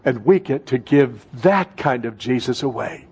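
A male pastor preaching a sermon, swinging between loud fervent bursts and soft, hushed passages, calling out to his congregation. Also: medium pitch, animated, unhurried, vocal fry, breathy edge. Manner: calls out to the congregation.

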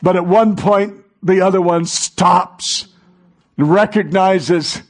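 A man preaching a sermon in a dramatic way, moving from hushed passages to rising fervor. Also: high-pitched, takes it slowly.

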